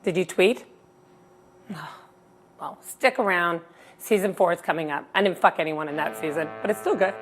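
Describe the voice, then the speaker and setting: A woman's voice: lowish voice, moderate pace, pauses often, soft background music. A woman hosting a stand-up comedy show with bawdy, self-mocking banter. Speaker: host.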